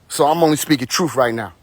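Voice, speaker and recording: A medium-pitched man hosts a casual livestream on his phone, with no room sound. His monologue is long, rambling, tipsy, blunt and profane.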